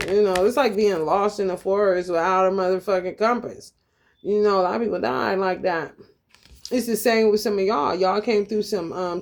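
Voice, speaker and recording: A woman's voice: medium pitch, darkish tone, a little hiss or hum. A woman hosting a spiritual channel, talking in a blunt, profane, streetwise way as she reads scripture aloud and riffs on it in a casual monologue.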